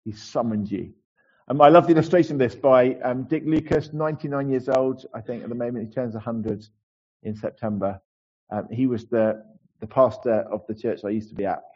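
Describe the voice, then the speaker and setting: A man's voice: medium pitch, a little fast, dark tone, husky, muffled recording. A man giving a conversational sermon as a pastor in church, with asides and restarts.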